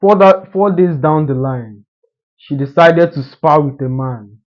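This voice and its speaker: A man's voice: on the high side, measured pace. A man giving an assertive, emphatic motivational monologue in a lecturing manner. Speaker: social media commentator. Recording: dull lo-fi recording.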